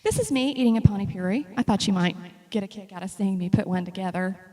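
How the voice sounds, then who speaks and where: A woman's voice: medium pitch, quick pace. A woman giving a casual, humorous talk about her travel slides to an audience. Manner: chatty and humorous, lively storytelling. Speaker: speaker presenting travel slides. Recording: long reverb of a hall.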